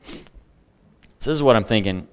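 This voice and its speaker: Pastor type, deep male voice, relaxed sermon with light jokes. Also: takes it slowly, clear, resonant tone. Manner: conversational preaching with humor and asides.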